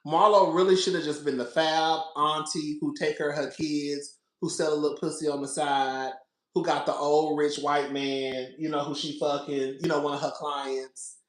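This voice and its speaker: Speaking at normal speed with a slightly high voice and little pitch movement, a sassy podcast host laughs his way through casual reality TV commentary. He repeats himself and calls listeners "girl," recorded in an echoey room.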